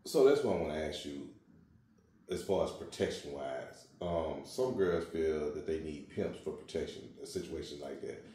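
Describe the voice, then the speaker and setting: Deep-voiced male interviewer. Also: expressive, moderate pace, dark tone. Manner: short prompts and follow-up questions. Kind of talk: casual interview. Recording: echoey, with faint noise.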